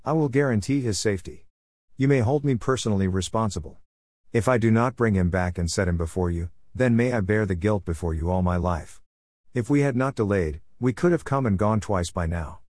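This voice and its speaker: A man reading scripture aloud in a steady, measured way, lifting his voice a little for quoted speech. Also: lowish voice, dry recording, studio quality. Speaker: Bible reader.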